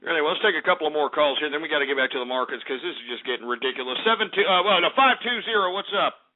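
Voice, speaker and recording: A man's voice: fairly high pitch, animated, racing. A man hosting a call-in radio show, ranting angrily at callers with lots of swearing and stammered restarts. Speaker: radio talk show host. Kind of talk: angry call-in show rant. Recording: lo-fi phone-like audio.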